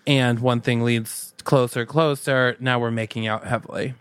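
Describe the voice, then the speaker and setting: A man's voice: medium pitch, fairly even intonation, moderate pace, fairly bright tone, clean tone, no echo, soft background music. A man co-hosting a podcast, improvising a comedic movie scene and acting out bits of dialogue. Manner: narrates a made-up movie scene, acting out lines. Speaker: podcast co-host.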